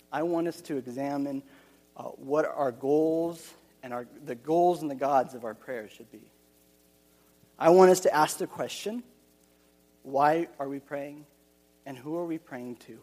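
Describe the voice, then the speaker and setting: A man's voice: medium pitch, a little mellow, in a large hall. A man preaching a sermon, earnest and repeating his key phrases, with frequent restarts.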